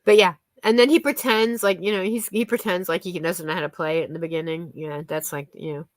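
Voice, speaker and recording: A woman's voice: fairly low pitch, steady tone, fairly quick, dry recording. A woman chatting casually with viewers on a live stream, giggling often and thanking them by name.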